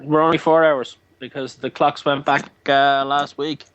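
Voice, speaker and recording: A man's voice: fairly high pitch, level tone, a little slow, fairly bright tone, dry recording, lo-fi sound. A man chatting with lots of swearing and teasing on a late-night phone-in show. He stumbles over repeated words after a lot of beer. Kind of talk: casual banter over a call. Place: abroad, time zone ahead of the other host.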